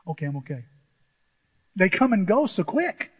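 Excitable high-voiced male pastor preaching. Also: moderate pace, husky. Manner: animated, excitable, swings into high exclamations; self-described emotional. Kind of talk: sermon. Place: church sanctuary with a screen. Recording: dull, long hall reverb.

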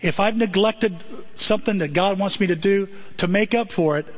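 A man's voice: sits high, normal speed, highs cut off. A man preaching a sermon to a congregation, emphatic and repeating his points for stress. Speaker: pastor. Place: church auditorium.

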